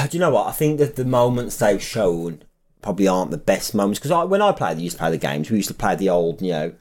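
A man co-hosting a podcast, relaxed and chatty, often laughing and restarting his sentences. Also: on the low side, fast. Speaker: podcast co-host. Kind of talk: casual chat.

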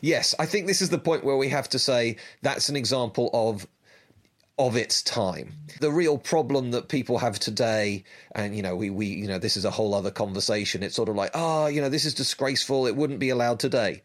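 A man's voice: lowish voice, a little fast. Reflective man thinking aloud. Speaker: podcast co-host. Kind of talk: casual podcast chat.

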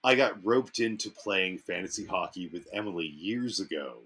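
A man from New England chatting casually as a podcast guest, easygoing and quick to laugh. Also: deep voice, lively intonation, pushed and bright, slightly rough. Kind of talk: casual chat.

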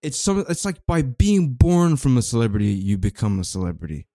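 A man's voice: mid-range voice, big pitch swings, dark tone, no room sound. A man co-hosting a comedy podcast, wry and teasing, drawing his words out. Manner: wry, teasing, drawn-out delivery. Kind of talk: improvised comedy banter.

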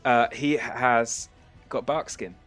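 A man's voice: medium pitch, takes it slowly, a bit bright, faint music behind. A man running a tabletop game as game master, narrating casually with frequent hesitations.

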